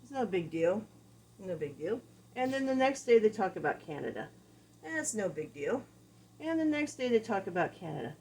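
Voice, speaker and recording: A woman's voice: mid-range voice, big pitch swings, moderate pace, a little mellow, slight background noise, low-quality recording. A woman dog trainer giving a casual, conversational lesson, explaining with everyday examples. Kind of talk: instructional talk.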